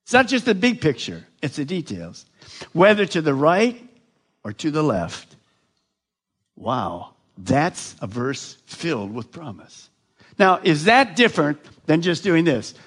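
A man preaching a sermon to a large crowd, slow and emphatic, often putting questions to his listeners. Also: fairly high pitch, very animated, fairly bright tone, breathy edge. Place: large gathering addressed live.

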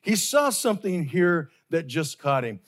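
Male pastor, slightly high voice, slow and earnest sermon delivery that repeats key phrases. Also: sing-song.

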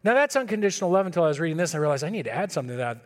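A man preaching a sermon in a relaxed, conversational way, acting out talks with his kids. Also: on the high side, racing. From California. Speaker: pastor.

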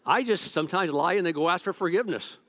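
A middle-aged pastor with a high voice preaches quickly, sharing stories from home and joking with his congregation. He comes across as an animated, playful storyteller.

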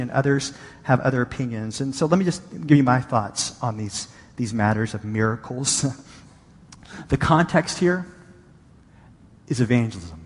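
A man's voice: mid-range voice, normal speed, big-room sound. A male pastor giving a conversational sermon, reading and paraphrasing scripture with emphasis.

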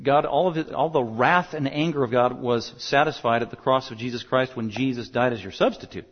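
A man's voice: mid-range voice, brisk. Emphatic preacher man, lo-fi sound. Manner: emphatic, rising to loud bursts on key points. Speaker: pastor. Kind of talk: sermon. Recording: dull lo-fi sound.

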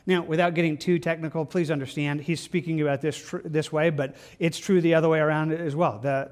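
A man with a slightly higher voice teaches through scripture verse by verse. He talks in a loose, conversational way, trailing off and restarting his sentences as he explains each verse. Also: darkish tone. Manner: conversational, halting with frequent restarts and fillers. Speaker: pastor.

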